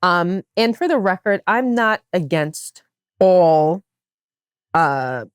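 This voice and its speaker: A woman with a fairly low voice hosts a casual podcast chat, her pitch swinging widely as she presses her points. She speaks close to the mic in a dry, deadened room. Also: slow, clean tone, dry recording. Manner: animated and emphatic, with wide swings in pitch. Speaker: podcast host.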